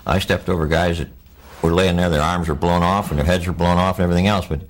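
An older man, a war veteran, recounting his memories in a plainspoken, halting oral-history interview. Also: low-pitched, steady tone.

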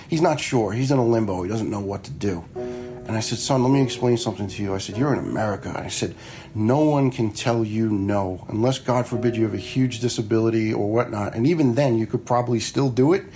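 Blunt New man in his fifties. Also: lowish voice. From New York area. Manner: blunt and frank, swears freely; acts out quoted dialogue. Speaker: retired fire lieutenant. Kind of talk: casual personal storytelling.

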